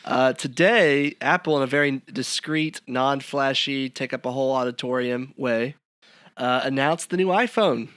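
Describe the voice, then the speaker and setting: A man with a mid-pitched voice co-hosts a casual podcast. He delivers his jokes deadpan and fills pauses with uhs. The sound is dry, with no room echo. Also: clean tone. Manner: deadpan joking, many uhs. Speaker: podcast co-host.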